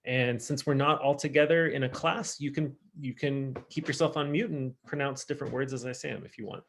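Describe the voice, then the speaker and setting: A man teaching a casual online French class, chatty and upbeat, slowing down to model pronunciation. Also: mid-range voice, fairly even intonation, vocal fry, a bit bright. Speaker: high school French teacher.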